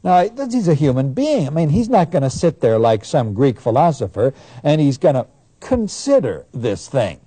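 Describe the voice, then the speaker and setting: A man teaching about the Bible in an animated lecture, acting out the people he quotes with sudden bursts of emphasis. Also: medium pitch, moderate pace, breathy edge, dry recording. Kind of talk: lecture on scripture.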